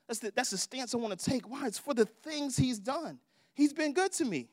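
A man preaching a sermon as pastor, emphatic and repetitive, swinging between hushed and loud passages. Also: very high-pitched, fairly quick, dry recording, clean studio sound.

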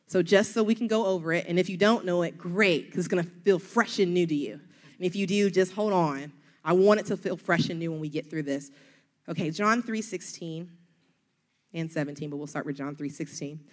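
A woman's voice: on the low side, moderate pace. A middle-aged woman with a Southern US accent, preaching an earnest, encouraging sermon full of rhetorical questions.

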